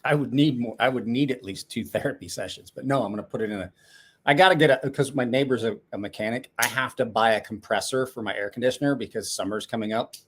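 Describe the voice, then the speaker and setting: A man's voice: medium pitch, quick pace, husky. Rambling casual male livestreamer. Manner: rambling, self-correcting, chatty. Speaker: livestream host.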